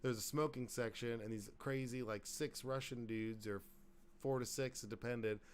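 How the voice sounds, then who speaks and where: A man's voice: mid-range voice, steady tone, normal speed, slight background noise. A man hosting a podcast in casual chat, rambling, joking and swearing freely. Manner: profane, rambling, jokey. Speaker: podcast host.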